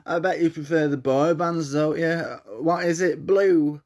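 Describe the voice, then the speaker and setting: Guy doing a boozy pop-fan bloke, pitched way up, sing-songy and teasing. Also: steady tone, unhurried, a little mellow. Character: tipsy chatty man, pop-music fan.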